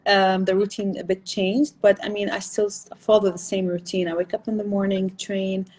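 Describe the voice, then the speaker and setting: A woman's voice: mid-range voice, level tone, normal speed, a little mellow, rough recording. A woman fitness trainer answering interview questions, laughing often and using many fillers.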